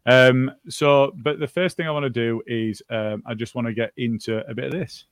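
A man's voice: mid-range voice, moderate pace, clear, resonant tone, no room sound. A man hosts a laid-back football podcast. He rambles along with plenty of ums and restarts. His voice sits mid-range and sounds close and dry, with no room around it. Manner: relaxed, rambling with many fillers. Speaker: podcast host. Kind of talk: casual football podcast chat.

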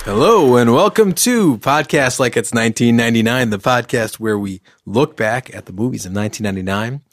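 A man's voice: mid-range voice, animated, a little fast. A man co-hosting a podcast, chatting casually and rambling with frequent laughs. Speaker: podcast co-host.

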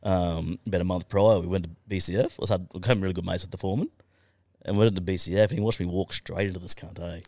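A man's voice: sits low, steady tone, quick pace, warm tone. An Australian man, a podcast guest, telling his life story in a casual, profane way and laughing now and then. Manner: swears constantly, laughs through his story.

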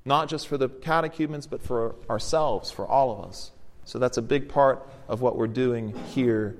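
A man, an Orthodox priest, explaining the liturgy to his congregation in a gently encouraging teaching sermon. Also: mid-range voice, normal speed. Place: church. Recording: long church reverb.

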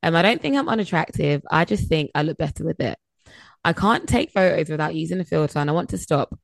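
A woman's voice: low voice, expressive, quick pace, gravelly, no room sound. A woman in her late twenties co-hosting a chatty podcast over a video call, laughing often and reading listener messages aloud. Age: late 20s. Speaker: podcast co-host. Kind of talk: casual chat.

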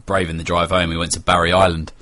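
A man co-hosting a casual chat, telling a story in a relaxed way with some hesitations. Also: low-pitched, fast. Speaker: co-host.

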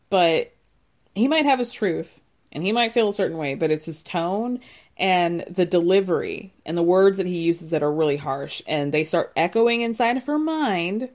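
A woman's voice: medium pitch, a little mellow. A woman hosting a podcast, recapping a reality show in casual, blunt and mocking commentary into a close mic. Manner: sarcastic, mocking and blunt, with filler "like".

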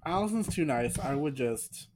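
A woman's voice: a bass voice, lively intonation, normal speed, darkish tone, a little hiss or hum. A woman co-hosting a podcast in casual chat, blunt and joking, and she swears freely. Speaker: podcast co-host.

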